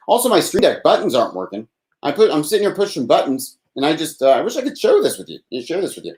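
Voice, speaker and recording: Brisk and sing-song, with a medium pitch and a slightly mellow quality, a man hosts a solo call-in livestream from his desk. He rambles on, self-deprecating, sighing and swearing, his voice thin and a touch whiny. The audio comes from a desk microphone without processing.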